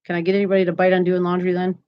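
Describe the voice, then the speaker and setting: A woman's voice: lowish voice, completely flat delivery, rapid-fire, smooth, lo-fi sound. A woman hosting a crochet live stream, chatting casually and upbeat, often laughing as she talks. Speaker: crochet channel host.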